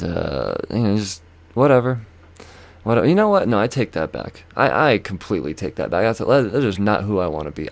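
A young man hosting a podcast, telling a comedic story as a profane, swearing rant. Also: on the low side. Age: young adult. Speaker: podcast host.

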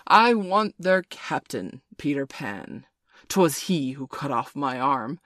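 A woman reading aloud plays a menacing pirate captain who drags out his words in a low, dark voice. He sounds brooding and theatrical, with sudden loud bursts. The storybook reading is close and dry. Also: no room sound. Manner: slow, dark, theatrical growl.

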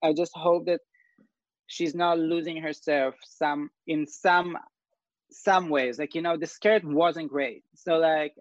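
A man's voice: a little high, no room sound, lo-fi sound. Upbeat slangy man hosting a chat. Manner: upbeat, slangy, laughs often. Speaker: host. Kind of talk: casual panel chat.

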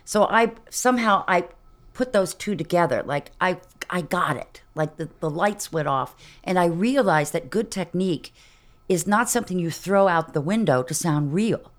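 Middle-aged woman vocal coach, slightly low voice, animated, demonstrates sounds as she explains. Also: normal speed. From Texas. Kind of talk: casual interview chat.

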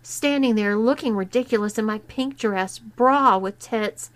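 A woman narrating a written story in a slow, deliberate reading. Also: fairly high pitch. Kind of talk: scripted narration of an erotic story.

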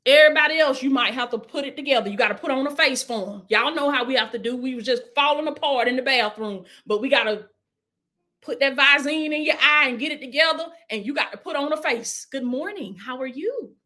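Woman preacher with a high voice, casual sermon delivery that swings between urging and soft prayer. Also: fast. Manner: preaching with call-and-response, dropping to hushed prayer.

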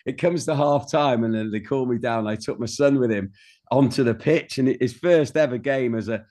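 A middle-aged man, a guest in an interview, telling stories in a warm way and often repeating words as he starts a sentence. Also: mid-range voice, normal speed. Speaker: guest, singer-songwriter. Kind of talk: candid interview chat.

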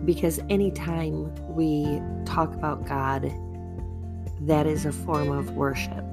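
An older woman hosting a faith podcast, talking calmly in a chatty, self-deprecating way. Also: low-pitched. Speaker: podcast host. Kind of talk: gentle faith podcast talk.

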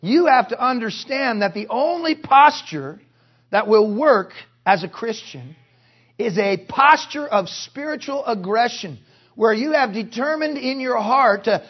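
A male pastor preaching a sermon at a conference, forceful and punctuated with joking asides. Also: very high voice, expressive, a little slow, muffled recording. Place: conference hall.

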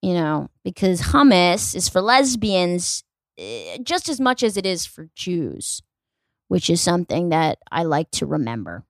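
A woman's voice: fairly low pitch, sing-song, a little slow, no echo, clean studio sound. A young adult woman, a comedian hosting a solo podcast, telling rambling stories in a snarky, profane style and acting out the people in them. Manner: profane, rambling, snarky storytelling with acted-out quotes.

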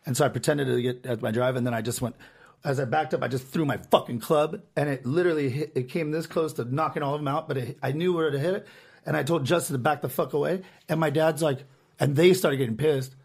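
A young man co-hosting a podcast, telling a profane, animated story full of acted quotes. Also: on the high side, quick pace, vocal fry, breathy edge. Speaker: podcast co-host. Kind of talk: casual storytelling chat.

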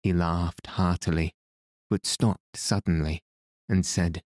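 A man narrating a classic adventure story in a measured, even way. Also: deep voice, no room sound, clean studio sound. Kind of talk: audiobook narration.

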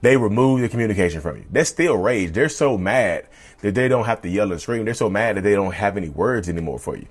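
A man's voice: on the low side, lively intonation, fast, slightly rough. A man hosting a casual podcast monologue, talking emphatically and repetitively and addressing listeners as y'all. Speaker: podcast host.

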